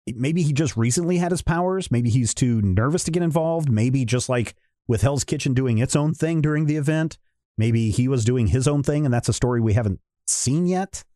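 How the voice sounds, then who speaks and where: Mellow-voiced man, easygoing podcast chat. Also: medium pitch, moderate pace, dry recording, clean studio sound. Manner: easygoing, teasing. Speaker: podcast host. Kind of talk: casual chat.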